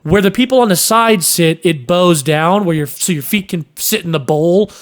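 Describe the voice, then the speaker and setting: On a podcast, a young male host with a high voice tells a story at normal speed. He's animated and swears, acting out sounds and voices as he goes.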